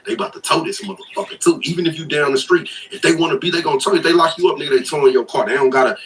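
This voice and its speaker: A man's voice: on the high side, racing, a bit bright. A man in his thirties telling a rambling, profane story in casual livestream chat. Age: 30s. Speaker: livestreamer and truck driver. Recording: distant mic with clear background noise.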